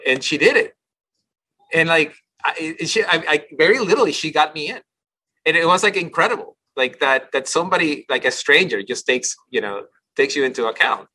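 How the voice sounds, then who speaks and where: Fast-talking husky man telling a story. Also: fairly high pitch, rough recording. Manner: rapid, animated, restarting phrases often. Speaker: guest. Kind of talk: casual interview storytelling.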